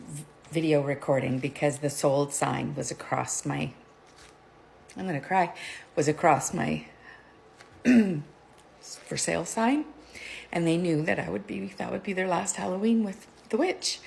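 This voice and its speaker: A woman's voice: deep voice, vocal fry. A middle-aged woman telling rambling stories to her vlog viewers, chatty and digressive, laughing often. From Canada. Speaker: vlogger. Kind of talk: casual chat, rambling storytelling.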